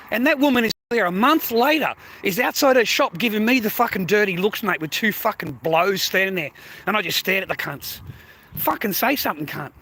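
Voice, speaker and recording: A man with a high-pitched, bright, forceful voice live streams from his phone as he strolls a city street. His talk rambles and is blunt and full of profanity, with faint street noise in the background.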